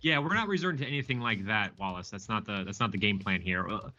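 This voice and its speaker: A man role-playing a sergeant in a tabletop game answers in a dry, blunt, sarcastic way. His voice is bright and sharp. It comes through dull, lo-fi audio. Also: on the low side, fast, faint music behind. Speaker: player. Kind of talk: in-character tabletop role-play.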